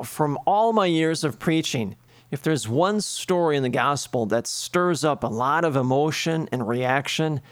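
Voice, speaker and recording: A priest delivers an earnest sermon, piling up everyday lists and asking rhetorical questions. His voice sits a little high for a man. The sound is dry with little room echo.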